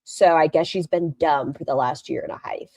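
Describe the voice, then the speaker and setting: A woman's voice: sits low, normal speed, mellow, dry recording. A woman hosting a live stream, giving blunt, sarcastic reaction commentary and swearing freely.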